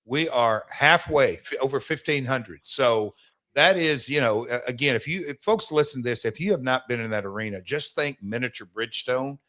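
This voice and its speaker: A man's voice: mid-range voice, normal speed, pushed and bright. Man, promoter's talk on radio. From Nashville, Tennessee. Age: middle-aged. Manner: enthusiastic storyteller, promoter's patter, frequent restarts. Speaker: guest, wrestling promoter and team partner. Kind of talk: radio sports talk interview.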